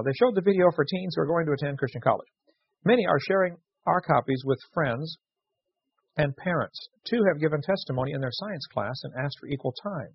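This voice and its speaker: A man's voice: on the high side, breathy edge, no room sound. A man hosting a radio show, reading listener letters aloud and telling jokey stories with frequent laughs. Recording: dull lo-fi radio recording.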